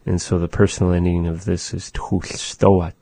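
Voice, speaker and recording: A man giving a casual language lesson, explaining thoughtfully and softly repeating phrases. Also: low-pitched, flat delivery, normal speed, creaky, breathy edge. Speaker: language teacher.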